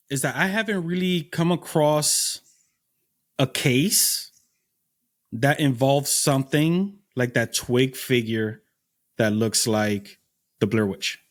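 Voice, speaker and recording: A man co-hosting a podcast, easygoing, with plenty of fillers. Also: medium pitch. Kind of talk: casual chat.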